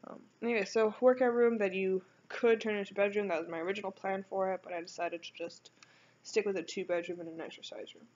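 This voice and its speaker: A woman's voice: mid-range voice, fairly even intonation, quick pace, darkish tone, muffled recording. A young woman rambling casually over a video game build, often stopping to correct herself. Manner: rambling, chatty, self-correcting.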